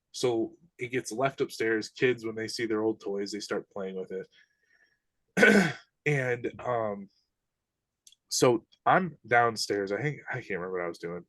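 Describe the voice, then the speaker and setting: A man's voice: on the low side, dry recording. A man, a podcast guest, animatedly recounting eerie experiences in casual, slangy speech. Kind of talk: casual storytelling.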